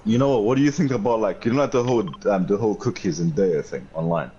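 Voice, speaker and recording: A man's voice: on the low side, racing, highs cut off, crowd noise. A young man co-hosting a podcast, rambling casually with many "like" fillers. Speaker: podcast co-host. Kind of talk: casual chat. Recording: faint background noise.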